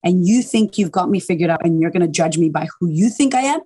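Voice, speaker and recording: A woman guest on a podcast, a confidence coach talking in an animated, emphatic way and swearing casually. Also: lowish voice, fast talker, husky. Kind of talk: casual interview chat.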